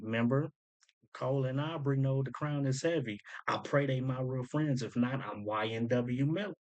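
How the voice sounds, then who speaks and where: A man's voice: medium pitch, moderate pace, a little mellow, rough recording. A man hosting a casual commentary, eagerly explaining and pointing out details as he goes. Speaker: host breaking down rap lyrics.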